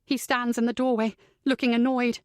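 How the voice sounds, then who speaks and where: A woman's voice: a little high, flat delivery, moderate pace, dry recording, clean studio sound. A woman narrating a first-person psychological thriller audiobook in a tense, dramatic way.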